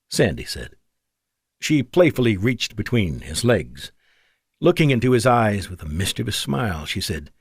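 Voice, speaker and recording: Expressive male audiobook narrator, dry sound. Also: fairly low pitch, moderate pace, breathy edge, no room sound.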